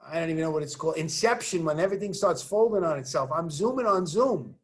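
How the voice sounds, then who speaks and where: A man teaching chemistry in a recorded online lesson. He walks through the examples with joking asides and keeps urging students to say the formulas out loud. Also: fairly high pitch, lively intonation, quick pace. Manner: encouraging, coaching students to say formulas aloud.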